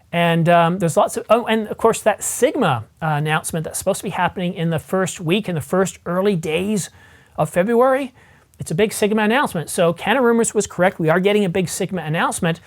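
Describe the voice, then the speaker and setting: An eager camera vlogger who talks straight to the viewer in a loose, rambling way. The voice sits at an ordinary middle pitch and keeps circling back as they think aloud. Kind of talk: casual vlog commentary.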